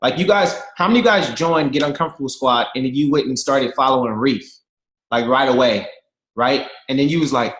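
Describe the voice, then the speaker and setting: His pitch fairly high and his delivery fairly quick, a man in his thirties tells playful, slangy stories to a team over a video call. He's lively and speaks directly to his audience from a room with noticeable echo.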